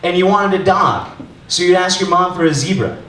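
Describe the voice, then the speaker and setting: A man's voice: high voice, lively intonation, normal speed, fairly bright tone. A man doing crude, rambling, self-deprecating stand-up at an open mic, bantering with the crowd. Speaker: stand-up comedian. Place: small bar open mic with laughing crowd. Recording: roomy, distant club recording with crowd.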